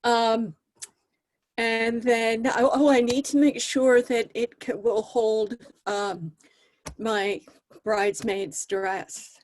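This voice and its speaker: A woman's voice: a little high, fairly even intonation, takes it slowly, a little mellow. A woman in an improv scene, talking hesitantly with many ums. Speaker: improv performer.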